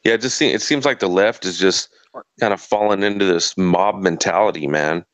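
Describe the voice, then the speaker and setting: A man's voice: deep voice, normal speed, a bit bright, no echo. A man in casual political chat, earnest and opinionated, often adding "man" to his sentences. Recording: dull lo-fi sound, dry.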